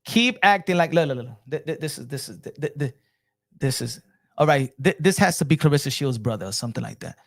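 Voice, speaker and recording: A man's voice: medium pitch, lively intonation, fast talker, creaky. A man hosting a boxing livestream, ranting at chat comments in an exasperated, repetitive and profane way. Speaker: boxing channel host. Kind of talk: livestream rant answering chat.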